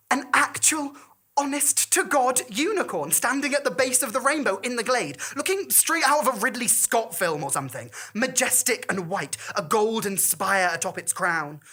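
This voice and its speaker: A woman tells a comic story in a bright, clear voice. Her delivery is animated, swinging widely in pitch from hushed passages to loud bursts. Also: normal speed. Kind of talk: performed comic monologue.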